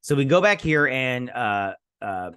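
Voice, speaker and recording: A man's voice: mid-range voice, very animated, measured pace, a bit bright, clean tone, dry recording, studio quality. A man hosting a show, casually recapping a TV episode in a rambling way, full of restarts and loose, profane paraphrases. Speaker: host.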